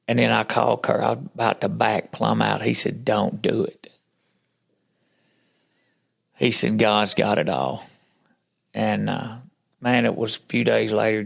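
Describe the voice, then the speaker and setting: A man's voice: on the low side, vocal fry, breathy edge. A man as a podcast guest, telling his faith story in casual chat like a folksy storyteller who acts out what other people said.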